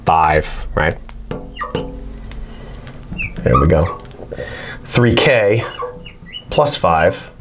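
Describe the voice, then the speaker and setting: A man's voice: low voice, animated, very slow, pauses often, noisy background. Chatty man teaching factoring aloud. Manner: chatty, talks to his barking dog between problems. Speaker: math teacher. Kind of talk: casual whiteboard math lesson.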